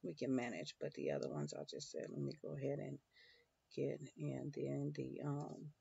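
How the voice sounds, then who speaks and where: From a home schoolroom, a homeschooling mom vlogger chats with her audience at a moderate pace in a bass, husky, dark voice with vocal fry. Her talk wanders, with many fillers and restarts, and the recording is dull, lo-fi and dry.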